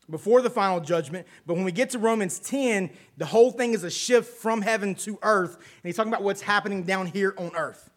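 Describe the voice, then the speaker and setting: Man, preacher, casual sermon, high voice, folksy, chatty asides. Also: fairly quick. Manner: conversational, folksy, with asides and checking in with listeners.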